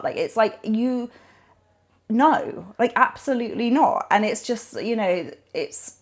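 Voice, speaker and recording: A woman's voice: medium pitch, fast. A woman, a nutrition coach, talking animatedly in a podcast interview, rambling with lots of fillers and restarts.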